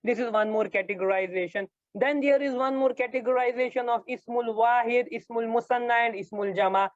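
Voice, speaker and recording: A male grammar teacher giving an online lecture, explaining slowly and repeating his points with many hesitations. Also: extremely high pitch, dry recording. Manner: slow, repetitive explaining with frequent hesitations. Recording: dull lo-fi dry sound.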